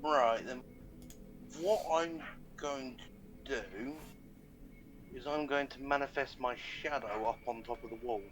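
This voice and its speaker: A man's voice: mid-range voice, unhurried, long pauses, rough recording. A man playing a casual tabletop game, plainly describing his moves. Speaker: player.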